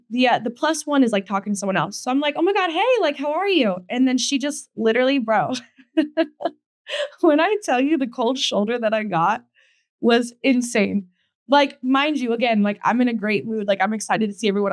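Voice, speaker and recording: Late-20s woman, podcast host, chatty and profane storyteller, slightly high voice, dry close sound. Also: dry recording. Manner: animated, profane, quotes people in a raised voice. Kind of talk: casual storytelling.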